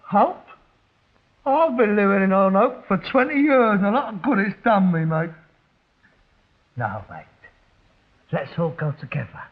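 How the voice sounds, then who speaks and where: Gloomy, theatrical London junk dealer, sitcom; high voice, phone-thin old recording. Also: male voice, very animated, a little slow, pauses often, exaggerated voice. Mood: morbid. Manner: sarcastic, theatrical, self-pitying. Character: weary middle-aged male rag-and-bone man, sardonic and gloomy. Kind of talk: 1960s sitcom acting. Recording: tinny old television audio.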